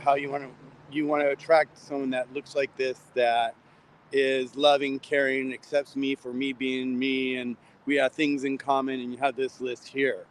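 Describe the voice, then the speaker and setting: Walking a city street outside a building, a man films a casual vlog, rambling heartfelt and repetitive straight to his viewers. His mid-range voice barely moves in pitch, his pace is moderate, and the rough recording carries a little hiss or hum.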